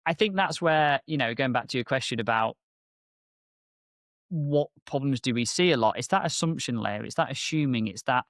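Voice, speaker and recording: At a moderate pace, a lively co-host of a casual business podcast, himself an MSP business owner, tells stories and acts out back-and-forths with upward-swinging pitch. The audio is dry and studio quality.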